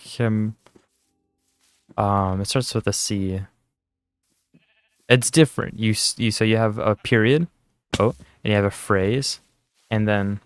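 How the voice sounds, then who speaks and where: A man's voice: lowish voice, unhurried, pauses often, clear, resonant tone, no echo. A tired young man chatting casually while playing a game, rambling and self-deprecating. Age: young adult. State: tired, yawning. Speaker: gaming channel host. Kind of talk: casual gameplay commentary.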